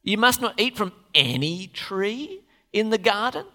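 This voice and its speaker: A preacher voicing a sly tempting serpent in a slow, low, drawn-out, deliberately weird voice. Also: big pitch swings, sharp tone. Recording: long reverb of a large hall.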